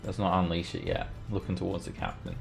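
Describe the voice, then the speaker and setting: A man with a low, gravelly voice runs an online tabletop game. He patiently walks players through the rules, then narrates what happens. His delivery is steady and matter-of-fact. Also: fast talker, music in the background. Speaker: game master. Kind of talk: narrating a tabletop game over a live stream.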